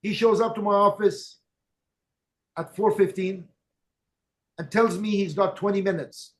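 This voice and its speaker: High-voiced emphatic man telling sales stories. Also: fairly even intonation, a little slow. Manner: emphatic and direct, repeats key points. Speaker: network marketing leader. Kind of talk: motivational storytelling talk.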